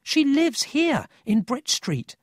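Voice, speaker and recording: A man voicing an upset young boy who speaks high and insistently, pleading to be believed. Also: sing-song, slow pace, no room sound, clean studio sound, full character voice.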